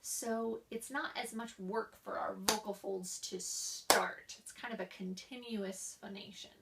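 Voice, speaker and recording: Explaining voice therapy exercises as a student presentation, a young woman demonstrates them with coughs, sighs, and slowed speech. Her mid-range voice is steady and creaky, recorded from a distance in very noisy conditions.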